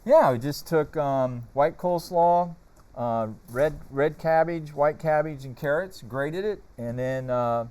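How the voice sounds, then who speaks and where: Southern man, smooth clear tone, relaxed guest chat on a TV set. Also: a little high, a little slow. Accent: Southern American. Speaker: sauce company representative. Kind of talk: casual studio chat. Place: TV studio set.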